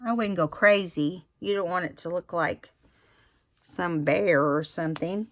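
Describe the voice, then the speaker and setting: A woman's voice: on the low side, measured pace. A woman giving a casual craft tutorial, chatty and explaining each step with fillers and restarts. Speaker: craft instructor.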